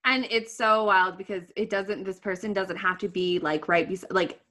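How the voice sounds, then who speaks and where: Bright-voiced young woman telling a story. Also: medium pitch, fairly even intonation. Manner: emotional, swearing, quick storytelling. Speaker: podcast guest, author. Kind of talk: casual podcast chat.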